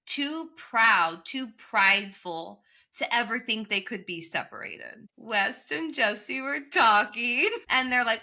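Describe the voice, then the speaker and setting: Woman, podcast co-host, bright higher voice, animated, swears casually. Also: takes it slowly, hardly any pauses. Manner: animated, quotes people in put-on voices, swears freely. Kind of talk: casual chat recapping a reality show.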